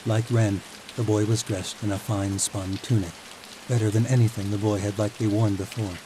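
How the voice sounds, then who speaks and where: A man with a fairly low voice reads a fantasy audiobook calmly and evenly. Steady rain is clearly audible behind his narration. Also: a little fast, background noise.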